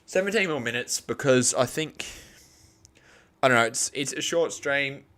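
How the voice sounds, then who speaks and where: A man's voice: medium pitch, expressive, moderate pace, bright, forceful tone. A young Australian man hosting a live cricket reaction stream, rambling and arguing crudely with his chat.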